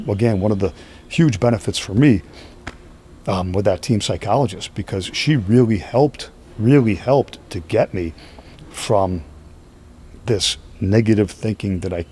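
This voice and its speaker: A middle-aged man telling stories in a casual podcast chat, animated and checking in with "right?" as he goes. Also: on the low side, unhurried, long pauses, slight background noise. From Northeastern US. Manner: animated, repeats "right?" often, acts out quoted voices. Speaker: podcast guest, strength athlete. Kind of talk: casual storytelling conversation.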